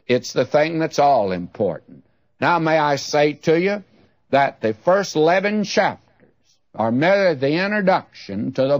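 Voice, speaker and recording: A man's voice: a little high, no room sound. A man teaching the Bible in a folksy way, speaking directly to the listener and asking rhetorical questions. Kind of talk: radio Bible study teaching. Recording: dull lo-fi radio recording.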